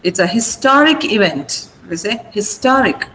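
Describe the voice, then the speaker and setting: A woman's voice: medium pitch, animated, a little slow, fairly bright tone, slight background noise, rough recording. A woman teacher running an online class, patiently spelling out word endings and explaining which syllable is stressed. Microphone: video call.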